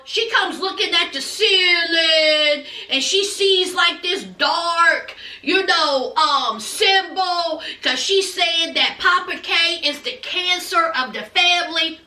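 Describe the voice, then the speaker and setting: Sassy high-voiced woman recapping TV. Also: slow pace, few pauses, bright, forceful tone, recorded from a distance. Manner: chatty, sassy, calls viewers child and honey. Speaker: TV recap vlogger. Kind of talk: animated casual recap. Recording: roomy echo, from off mic.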